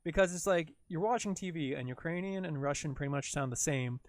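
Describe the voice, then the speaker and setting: A man's voice: fairly high pitch, a little fast, no room sound. Rambling Canadian guy chatting while he edits. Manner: rambling, lots of "like" fillers, talks to himself while working. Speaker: livestreaming video editor. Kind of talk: casual livestream chat.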